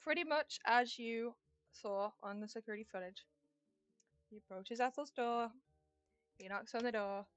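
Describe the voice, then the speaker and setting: A woman's voice: a little high, moderate pace, long pauses, dry recording, dull audio, soft background music. A woman narrating a tabletop game as game master in a casual, chatty way.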